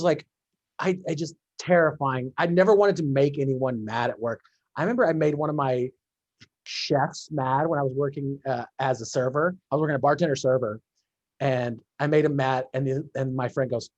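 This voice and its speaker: A man's voice: medium pitch, normal speed, a little mellow, no echo, dull audio. A male podcast host on a video call, rambling, restarting his sentences and laughing along with his guest. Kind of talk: casual interview over a video call.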